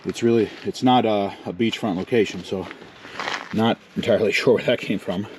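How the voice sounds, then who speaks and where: A man's voice: on the low side, normal speed, noisy background. A man in his thirties hosting a casual garage vlog, joking at his own expense as he rambles, a little out of breath. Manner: joking, self-mocking, rambling. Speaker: channel host. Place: home garage and shed.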